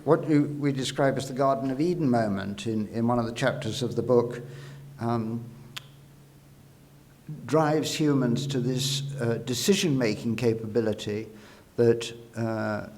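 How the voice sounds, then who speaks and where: A man giving a prepared speech into a microphone at a university congress, measured and reflective, with frequent "uh" fillers. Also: medium pitch, a little mellow. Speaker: award-winning speaker at an academic congress. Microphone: speaking into a podium microphone.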